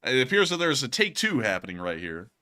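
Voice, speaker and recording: A man's voice: medium pitch, huge pitch swings, brisk, pushed and bright. A man casually commenting over war footage as host, joking and rambling and laughing at his own slips. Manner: jokey, rambling, laughs at himself.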